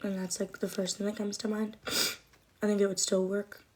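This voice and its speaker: A woman's voice: medium pitch, flat delivery, moderate pace, breathy edge. A young woman chatting casually on a livestream, rambling, emotional and swearing often. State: cold, shivering.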